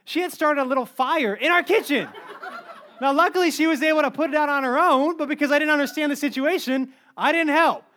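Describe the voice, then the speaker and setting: A man in his thirties preaching a sermon, telling funny stories in an animated, joking way. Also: very high voice, brisk, slight background noise. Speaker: pastor.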